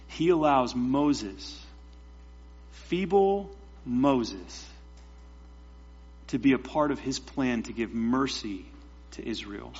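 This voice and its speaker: A man's voice: mid-range voice, a bit bright, breathy edge. A man preaching a sermon as pastor, emphatic, with rhetorical questions and repetition. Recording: dull lo-fi sound with mains hum.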